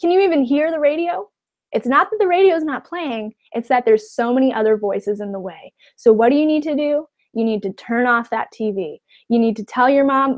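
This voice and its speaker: A woman's voice: a little high, normal speed. A woman life coach giving a webinar talk, encouraging, often checking in with "okay?" and acting out the voices of others.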